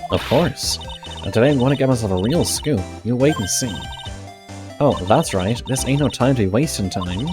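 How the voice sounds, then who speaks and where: A man voicing a loud, brash woman photographer in a put-on Southern US drawl, with game music behind. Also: mid-range voice, expressive, normal speed, close to an everyday voice.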